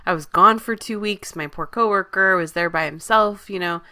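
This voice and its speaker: A woman's voice: mid-range voice, normal speed, bright, forceful tone. A woman chatting casually, her voice congested and stuffy. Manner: chatty, laughs easily. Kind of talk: casual chat.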